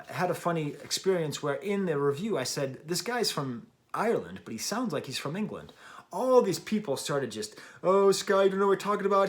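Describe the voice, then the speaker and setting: A middle-aged man hosts his own music review show, speaking in a mid-range voice. The casual, unscripted video talk is chatty and self-deprecating, full of ums and restarts.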